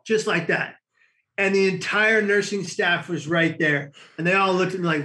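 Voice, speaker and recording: A man, a guest on a talk show, telling a long personal story in an animated way with frequent laughs. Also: high voice, a little slow. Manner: animated storyteller, laughing often, many restarts. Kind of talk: storytelling in conversation.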